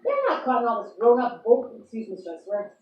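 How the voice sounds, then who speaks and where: A woman's voice: a little high, wildly swooping pitch, a little fast. A woman rambling playfully through an improvised monologue in the persona of a star sign, amused by herself. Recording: echoey room, from far off, dull lo-fi sound, faint noise.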